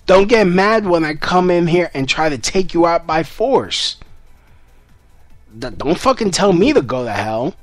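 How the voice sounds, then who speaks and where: A man's voice: high-pitched, no room sound. A man delivering an angry political rant to camera in a profane, sarcastic and emphatic way. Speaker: political vlogger.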